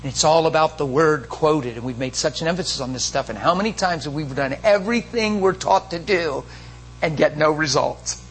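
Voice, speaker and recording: A man's voice: fairly high pitch, fairly quick, a bit bright, slight background noise, low-quality recording. A man preaching a sermon in an emotional, emphatic storytelling manner. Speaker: pastor.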